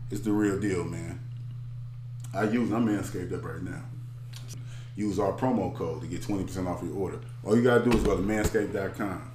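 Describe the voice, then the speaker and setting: A man hosting a podcast, telling stories in animated, slangy casual chat and reading an ad in the same loose way. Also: sits low, normal speed, echoey room, noisy background. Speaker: podcast host.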